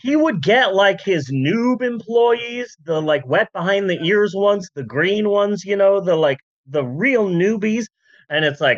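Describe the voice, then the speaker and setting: A comedic podcast host rambling through a story at an unhurried pace, the pitch swinging up and down with every joke and aside. The voice sounds dry and close to the mic. The audio is a bit dull and lo-fi. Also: lively intonation, no room sound. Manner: rambling, jokey, full of asides and voice bits. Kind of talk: comedic history podcast chat.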